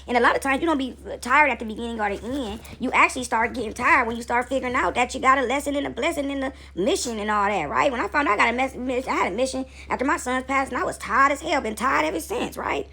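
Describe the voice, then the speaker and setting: A woman preaching casually on a home video, animated and slangy, swearing freely and often laughing. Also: high-pitched, fast talker, creaky, hardly any pauses, husky. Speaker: spiritual video creator and mother. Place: home, seated with dogs nearby.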